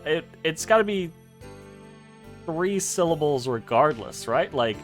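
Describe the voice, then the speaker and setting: A let's play host chatting casually over a game, rambling and swearing freely. The voice swings widely in pitch. Faint game music plays underneath. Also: animated, measured pace, a bit bright.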